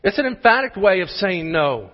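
Emphatic high-voiced male preacher. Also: sing-song, normal speed. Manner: emphatic preaching with repeated rhetorical questions. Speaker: pastor. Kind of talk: sermon. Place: church sanctuary. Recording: muffled sermon audio in a large hall.

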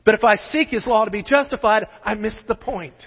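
A high-voiced man delivers an emphatic sermon, stacking rhetorical questions as he drives each point home. The sound is muffled and dull, and a long reverb trails his words through a large church sanctuary. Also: a little fast, vocal fry, slightly rough. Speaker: pastor.

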